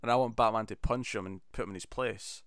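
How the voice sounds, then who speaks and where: A man co-hosting a podcast, chatting animatedly and acting out scenes in quick bursts. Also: fairly low pitch, steady tone, fairly bright tone, no room sound, studio quality. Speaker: podcast co-host. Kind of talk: casual chat.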